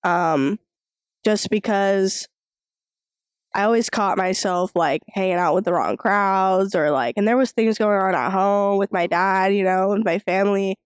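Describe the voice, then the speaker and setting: A young woman guest talks easily about her past, filling her thoughts with casual "like"s. Her tone is relaxed and conversational. The recording is dry and close. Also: mid-range voice, unhurried, clear, resonant tone, no room sound. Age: young adult. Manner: relaxed, many "like" fillers, agreeing murmurs. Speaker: guest, worship leader. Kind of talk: casual interview chat.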